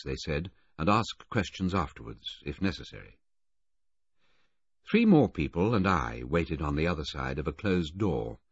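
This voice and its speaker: A man narrating a thriller audiobook in the first person, with expressive, steady storytelling. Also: sits low, slightly rough, no room sound. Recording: dull, dry lo-fi audiobook recording.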